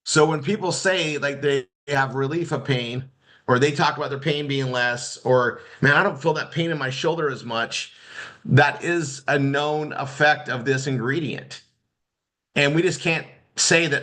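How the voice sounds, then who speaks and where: A man's voice: fairly high pitch, normal speed, a bit bright. A man giving a casual marketing training talk to students, rambling with many restarts and fillers. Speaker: marketing instructor.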